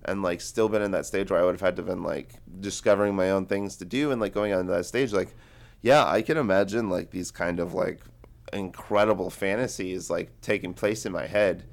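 A man's voice: low-pitched, steady tone, fairly quick, vocal fry. A man in his twenties co-hosting a book podcast, rambling casually with lots of filler words. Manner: rambling, heavy use of "like". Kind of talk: casual chat.

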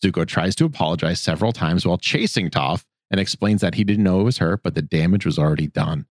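Low-voiced guy chatting on a podcast, bouncy delivery, dry sound. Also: fast talker, dry recording. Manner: animated, puts on silly voices for characters. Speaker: podcast co-host. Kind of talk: casual recap chat.

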